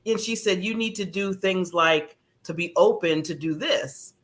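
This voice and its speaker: Female co-host, casual chat, animated storyteller, laughs easily. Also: on the low side, moderate pace. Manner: animated storytelling, acts out quotes, laughs often.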